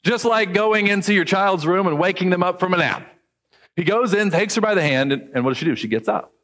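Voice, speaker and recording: Guy preaching a sermon, kinda high voice, big echo hall, chatty style. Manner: conversational, animated in quoted voices, slows for scripture. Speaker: pastor.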